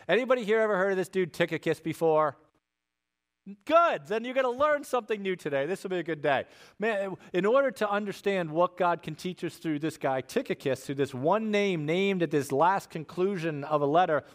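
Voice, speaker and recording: A male pastor, preaching a sermon from a church stage in a relaxed, conversational way with bits of slang. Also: on the high side, normal speed.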